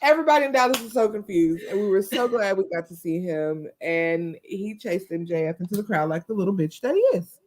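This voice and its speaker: Animated woman cohost chatting casually, bursts into excited yelling. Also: medium pitch, fairly quick, few pauses, a little hiss or hum. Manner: animated, breaks into loud excited yells when retelling. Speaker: co-host. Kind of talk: casual chat.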